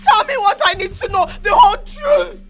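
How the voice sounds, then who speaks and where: An actress with a Nigerian accent playing a young woman who shouts, close to tears, to learn who her real father is. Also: very high-pitched, animated, normal speed, soft background music. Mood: distraught. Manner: desperate shouting, near tears. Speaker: daughter.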